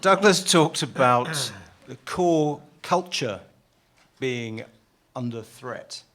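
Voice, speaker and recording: Slow, lively man chairing a debate. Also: medium pitch. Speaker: chair of the panel. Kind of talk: moderating a debate.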